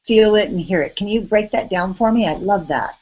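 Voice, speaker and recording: A woman hosting an interview, eager and excited as she asks her guest to explain. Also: medium pitch, brisk, muffled recording. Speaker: host. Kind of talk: conversational interview.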